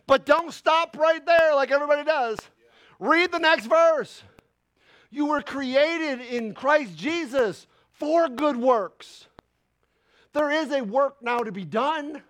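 A male pastor preaching a sermon with fervent bursts of loud emphasis that drop into quiet asides. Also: extremely high pitch, expressive, takes it slowly. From Italian heritage.

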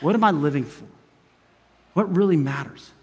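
High-voiced preacher man in a hall. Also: normal speed, a little hiss or hum. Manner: emphatic, swinging from loud urgency to hushed intimacy; chuckles between phrases. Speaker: pastor. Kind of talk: sermon. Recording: long reverb of a large hall.

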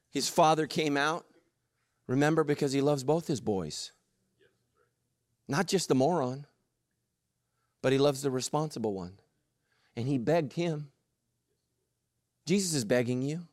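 A man preaching a sermon, animated and jokey, acting out the story's voices. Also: a little high, measured pace, pauses often, no room sound, clean studio sound. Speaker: pastor.

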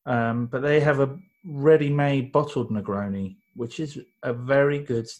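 A man's voice: medium pitch, unhurried, darkish tone. A man co-hosting a casual talk show, making wry, teasing asides. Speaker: podcast co-host. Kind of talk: casual chat.

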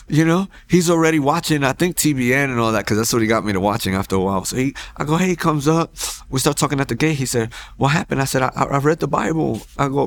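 Man telling his testimony, animated. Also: fairly high pitch, quick pace, gravelly. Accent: Texan. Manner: animated storytelling, acts out quoted dialogue, frequent restarts. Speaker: testimony speaker. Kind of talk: personal testimony storytelling. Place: church.

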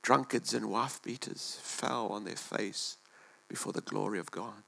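A male pastor preaching a sermon in a church, impassioned, swinging between loud and hushed delivery and repeating words as he goes. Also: lowish voice, steady tone, measured pace, vocal fry.

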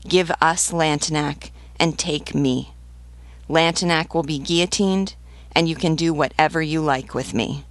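A woman's voice: low-pitched, steady tone, unhurried, no echo. A woman voicing a stern male revolutionary priest who pleads earnestly with besieged men, in an audiobook reading. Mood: solemn.

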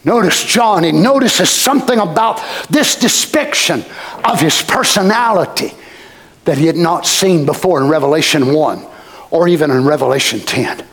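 A male preacher delivering an impassioned sermon, swinging between shouts and hushed whispers. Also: a little high, normal speed.

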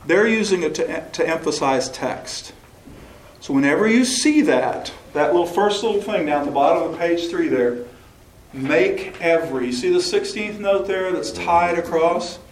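A man's voice: on the high side, lively intonation, moderate pace, slight background noise. A man leading a choral workshop session, explaining and asking questions, now and then singing a short phrase to demonstrate. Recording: echoey room recording.

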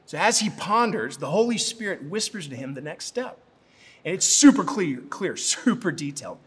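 A man's voice: sits high, big pitch swings, moderate pace, husky. A man preaching a sermon as pastor, telling stories animatedly and laughing now and then.

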